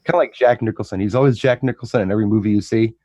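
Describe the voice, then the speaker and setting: A man with a fairly low voice chats casually about his work as a DJ. He rambles and repeats himself as he talks. The recording sounds dry and close, with no room echo. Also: darkish tone. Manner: rambling storyteller, repeats words, breaks into quick impressions. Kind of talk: casual chat.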